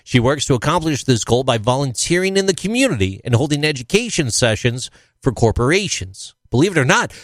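A man's voice: fairly high pitch, no echo. A man hosting a casual talk show, joking and then reading a guest's introduction. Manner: jokey, reads introductions aloud. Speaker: host. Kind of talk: casual chat.

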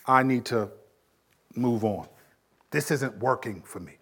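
A man preaching a sermon as pastor, building emphasis with sudden swells in volume and dropping low to make a point. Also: measured pace, fairly bright tone, slightly rough.

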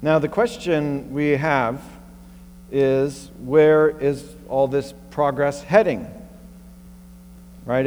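A man's voice: medium pitch, darkish tone. A male pastor preaching a sermon in a conversational way, thinking aloud and asking rhetorical questions. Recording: long reverb and faint mains hum.

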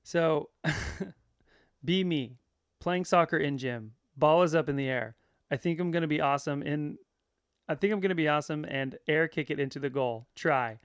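A man co-hosting a podcast in casual chat, relaxed and jokey as he retells funny stories. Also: a little high, moderate pace, smooth, no room sound, studio quality. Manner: relaxed, jokey storyteller, laughs while retelling. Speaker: podcast co-host.

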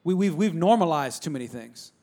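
Male pastor, slightly high voice, conversational and emphatic sermon delivery. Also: animated, brisk, mellow. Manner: repetitive, emphatic, conversational, calls to the congregation.

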